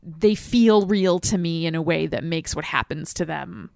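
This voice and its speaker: Woman, low gravelly voice, chatty, lots of "like" fillers, casual podcast talk, dry close mic. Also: moderate pace, darkish tone, no echo. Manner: chatty, filler-heavy with frequent "like". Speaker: podcast co-host. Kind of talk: casual movie discussion.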